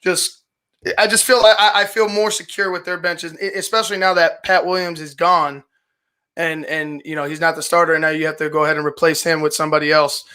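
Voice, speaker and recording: A man co-hosting a sports talk show, giving his view in a measured way and thinking aloud as he goes. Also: fairly high pitch, little pitch movement, pushed and bright, clean tone. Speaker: sports radio co-host. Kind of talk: sports talk radio banter.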